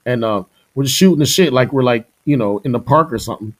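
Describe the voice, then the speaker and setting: A middle-aged man from Houston tells stories from his years as a drummer in a relaxed interview. He is animated, laughs easily and slips into the voices of the people he quotes. His pitch sits in a middle range for a man. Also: quick pace. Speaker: guest musician, drummer. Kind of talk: casual storytelling interview.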